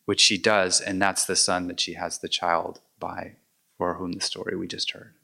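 Deep-voiced man telling a teaching story. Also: level tone, moderate pace, vocal fry, pushed and bright. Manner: storytelling, reflective, with restarts. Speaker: meditation teacher. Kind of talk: dharma talk.

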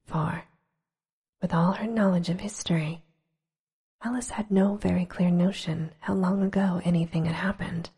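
A woman reading a storybook aloud in a slow, hushed, gentle whisper. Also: fairly low pitch, fairly even intonation, husky.

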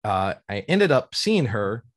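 A male podcast host with a fairly low voice, chatting casually. He rambles with enthusiasm and drifts from one tangent to the next. The sound is close and dry, with no room around it. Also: very animated, slow, no room sound. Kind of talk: casual chat.

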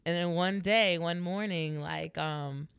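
A speaker in casual chat, telling an animated, joking story and laughing often. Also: mid-range voice, creaky, clean tone, no echo. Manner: animated, laughs a lot, quick jokes.

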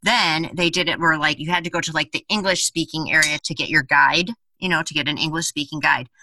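A woman with a bright, forward voice and a fairly low pitch tells a travel story in a loose, chatty way, with plenty of "like" fillers and the odd curse. She sounds a little distant from the mic in a dry room. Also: fairly quick, slight background noise. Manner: animated, laughing, swears freely, many "like" fillers. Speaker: podcast host telling a travel story. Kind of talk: casual storytelling chat.

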